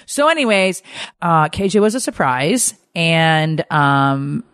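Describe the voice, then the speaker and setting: A woman in her forties hosting a podcast, telling a long personal story in a chatty, animated way full of asides. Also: low voice, takes it slowly, clean tone, no room sound, studio quality. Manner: chatty, animated, tells stories with lots of asides. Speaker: podcast host. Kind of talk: casual storytelling chat.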